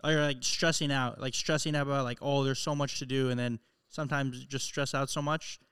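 A young man joins a podcast chat at a fast pace, his voice clear and smooth. He agrees readily and thinks out loud. The sound is dry and close. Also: mid-range voice, fairly even intonation, no echo. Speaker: podcast co-host. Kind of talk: casual chat.

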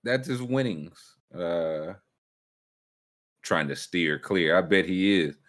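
A man's voice: low-pitched, expressive, slow, a bit bright. A man hosting a casual sports chat, joking and mock-incredulous. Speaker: show host.

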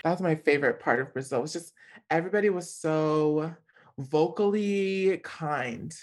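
Animated, slangy woman from California. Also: deep voice, moderate pace. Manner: animated, slangy, laughing often. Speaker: guest. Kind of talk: casual storytelling chat.

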